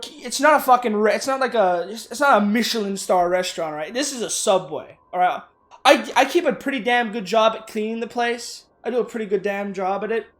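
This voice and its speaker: A man casually ranting and telling profane work stories while playing a game. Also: high-pitched. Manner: ranting, profane, animated storytelling. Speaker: gaming YouTuber. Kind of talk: casual rant over gameplay.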